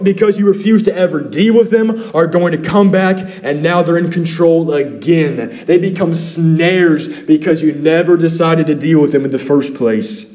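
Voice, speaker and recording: A man's voice: on the high side, darkish tone. A man preaching a sermon as pastor, reading scripture and pressing his congregation with repeated questions.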